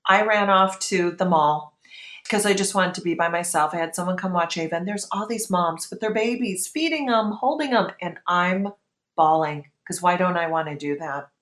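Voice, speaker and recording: A woman's voice: fairly low pitch, moderate pace, a bit bright, reverberant. Candid woman telling a personal story. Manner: candid, emotional, quotes her own past thoughts. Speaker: guest.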